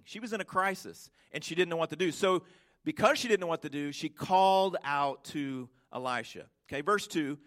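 A male pastor delivers an emphatic sermon in a voice that sits a little high for a man. He keeps asking his congregation questions. He stretches important words out slowly so each point lands. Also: fairly bright tone.

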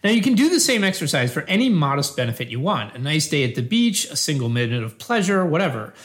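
A man reading the part of an earnest debater who defends utilitarian ethics in a scripted philosophical dialogue, measured and patient. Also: a little high, big pitch swings, fairly bright tone. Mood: calm.

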